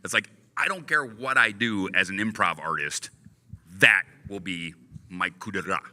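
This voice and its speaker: A man's voice: lowish voice, moderate pace. A man telling a funny story on a convention panel, laughing and acting out the quotes. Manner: lively, laughing, acts out quotes. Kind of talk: animated storytelling. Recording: hall reverb.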